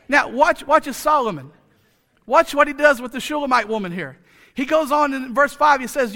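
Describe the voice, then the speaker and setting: Fairly quick and very high-pitched, this pastor's voice comes across bright and forceful. He preaches in a casual, joking manner, leaning on repetition for emphasis and frequent rhetorical questions and asides directed at the congregation.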